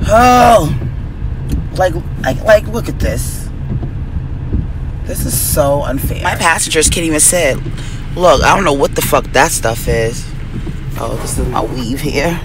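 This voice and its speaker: A young woman vlogs from inside her car, venting her frustration to the camera in a low, animated voice. She's unhurried, with long pauses, swears freely while ranting in exasperation, and the background is noisy.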